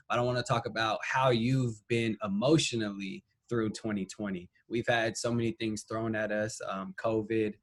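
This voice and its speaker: A man in the middle of his range hosts a relaxed podcast chat. He is laid-back and teasing, laughing often and cursing without a second thought. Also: mid-range voice. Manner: laid-back, laughing, joking, swears freely. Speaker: podcast host. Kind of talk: casual podcast interview.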